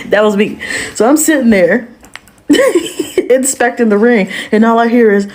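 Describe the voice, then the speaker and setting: Brief: woman, casual storytime delivery, animated and sassy, slang-heavy. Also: fairly high pitch.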